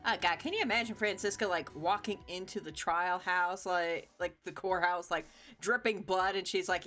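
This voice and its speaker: A woman's voice: on the low side, steady tone, moderate pace, fairly bright tone. Giggly chatty woman streaming a game, faint music behind. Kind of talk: live game commentary.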